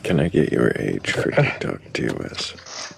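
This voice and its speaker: A man's voice: a bass voice, very animated, unhurried, vocal fry, slight background noise. A man hosting a live stream, asking callers direct, probing questions. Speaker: livestream host. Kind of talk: casual livestream talk and interviewing.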